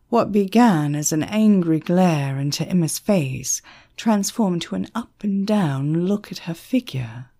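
A woman narrates an audiobook at an unhurried pace, her low voice breathy and husky. Her pitch moves a lot as she tells the scene. She reads in a lively storytelling manner. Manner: slow, expressive storytelling.

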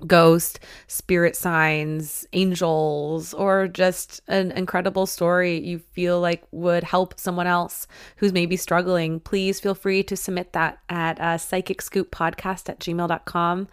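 A woman hosting a spiritual podcast, reading listener stories aloud and chatting warmly and emotionally, laughing often. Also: on the low side, flat delivery, slow pace, clean tone, dry recording, studio quality. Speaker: podcast host.

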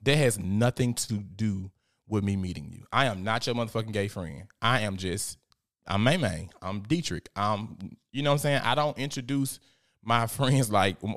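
A young adult man with chats casually, telling profane stories. He slips into the voices of the people he quotes, and his pitch leaps up sharply as he does. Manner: animated, profane storytelling with many quoted voices. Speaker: podcast host. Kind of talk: casual chat.

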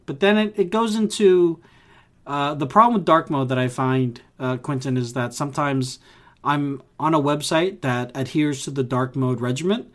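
A man co-hosting a casual tech podcast, rambling with restarts and acting out his reactions. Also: medium pitch. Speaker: podcast co-host.

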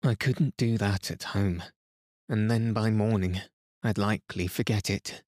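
A man reading a classic novel aloud as a calm bedtime story, gentle and even. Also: on the low side, a little slow, no echo, clean studio sound. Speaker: podcast reader.

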